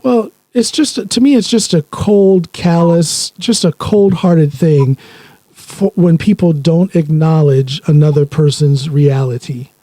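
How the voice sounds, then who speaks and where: Middle-aged guy hosting a podcast, earnest, halting a lot, mellow tone, dry close mic. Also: fairly high pitch, dry recording. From rural Ohio, United States. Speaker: podcast host. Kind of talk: casual conversation.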